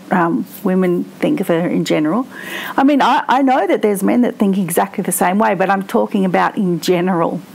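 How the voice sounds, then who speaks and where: Woman commentator, unhurried and gravelly, thinking aloud. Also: mid-range voice, a little mellow, rough recording. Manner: slow, reflective, with frequent restarts. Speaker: true crime commentator. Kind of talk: casual commentary to camera.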